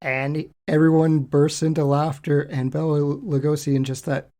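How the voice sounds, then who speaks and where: A man co-hosting a podcast, recounting things in a relaxed, chatty way. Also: fairly high pitch, moderate pace. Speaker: co-host. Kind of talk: casual podcast discussion.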